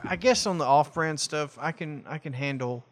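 A man co-hosting a podcast, talking in a rambling, profane, animated way. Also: a little high, moderate pace, no echo. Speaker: podcast co-host. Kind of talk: casual chat.

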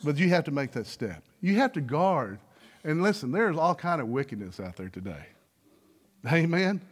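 A man's voice: a little high, very animated, moderate pace, slightly rough. A middle-aged man preaching a sermon as pastor, telling folksy stories and firing rhetorical questions at the congregation. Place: church sanctuary.

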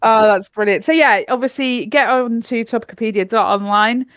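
A woman's voice: a little high, moderate pace, a bit bright, clear, resonant tone, no room sound. A woman co-hosting a casual podcast, chatty and giggly, sometimes ranting. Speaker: podcast co-host. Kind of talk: casual chat.

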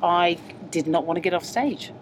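A woman's voice: lowish voice, normal speed. A young woman comedian chatting casually as co-host, self-mocking and laughing often, recorded on a moving train at night. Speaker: podcast co-host and stand-up comedian. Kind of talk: casual chat. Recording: background train noise.

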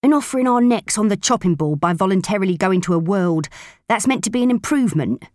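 A woman's voice: mid-range voice, animated, quick pace, a little mellow, no room sound, studio quality, pitched above the performer's own voice, lightly acted. Woman doing a coarse grumbling pirate crewwoman. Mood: complaining. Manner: coarse, complaining, ungrammatical. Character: rough-spoken grumbling female pirate crewwoman.

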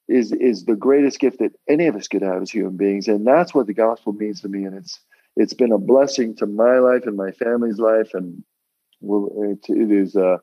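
A middle-aged man gives an earnest faith testimony, stumbling over repeated words as his conviction builds. His voice is husky and a little breathy. The recording is dry and slightly dull. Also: on the low side, warm tone, dry recording. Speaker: podcast guest, basketball coach.

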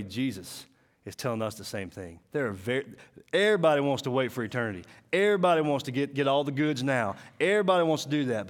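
A man preaching to a school, telling folksy stories, acting out voices and dropping to a hushed, intense tone. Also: mid-range voice. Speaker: school chapel speaker. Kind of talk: sermon.

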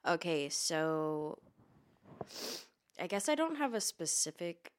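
Young woman rambling loudly, swearing. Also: lowish voice, slow, clear, resonant tone. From United States. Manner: rambling, swears a lot, gets loud and animated when arguing. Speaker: podcast co-host. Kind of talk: casual chat while eating hot wings.

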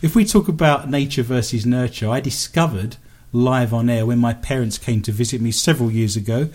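An English-accented man hosting a late-night radio show in a self-mocking, rambling way. His voice sits at an ordinary middle pitch, and he jokes about the words he mispronounces. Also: fairly quick, darkish tone. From England. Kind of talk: casual radio banter. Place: home studio.

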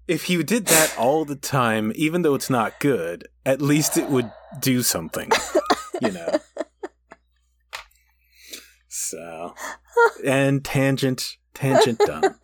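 A man co-hosting a podcast speaks at an unhurried, easygoing pace. He is wry and happy to wander off on tangents. The recording is dry and close, with no room around the voice. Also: mid-range voice, huge pitch swings, no echo. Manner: wry, tangent-prone storyteller. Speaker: podcast co-host. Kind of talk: casual chat.

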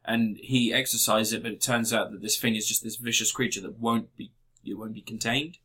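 A man's voice: lowish voice, steady tone, a little fast, pushed and bright, breathy edge. A man in casual, sweary chat, giving blunt opinions on TV series.

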